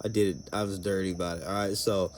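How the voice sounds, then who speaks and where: A man's voice: low-pitched, level tone, fast. A man hosting a podcast, chatting casually and profanely with a friend. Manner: profane, laughing, playful. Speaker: podcast host. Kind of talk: casual chat.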